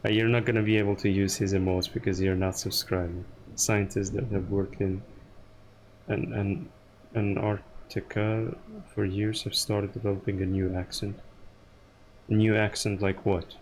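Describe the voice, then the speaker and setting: Rambling low-voiced male streamer. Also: level tone, measured pace, slight background noise. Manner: rambling, musing aloud to chat. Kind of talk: casual gaming stream chat.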